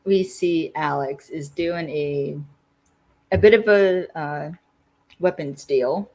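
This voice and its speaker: Low-voiced woman chatting casually. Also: takes it slowly, a little mellow, low-quality recording. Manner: chatty, giggly, rambling. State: tired. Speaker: podcast co-host. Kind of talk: casual fan chat.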